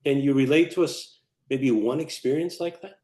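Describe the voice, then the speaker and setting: A man interviewing a guest, asking gentle, reflective questions with religious phrasing. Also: mid-range voice, moderate pace. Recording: roomy echo.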